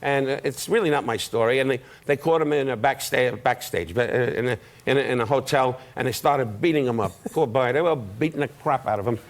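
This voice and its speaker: An older man on a talk show as a guest comedian, needling his host with quick, brash put-downs. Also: mid-range voice. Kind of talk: insult comedy banter. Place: television studio. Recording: studio audience laughter and noise.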